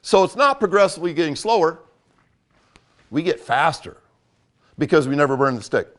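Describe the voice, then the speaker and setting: Older male coach, higher-pitched, blunt and emphatic delivery. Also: big pitch swings, moderate pace. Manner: blunt, emphatic, repeats for effect. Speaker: football coach. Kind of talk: coaching talk.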